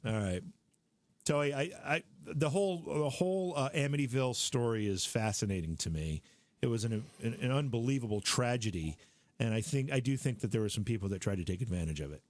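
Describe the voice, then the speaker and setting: A man's voice: mid-range voice, expressive, fairly quick, a little mellow, no echo. A man hosting a call-in show, chatty and steering the conversation. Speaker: host. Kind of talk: casual call-in show chat.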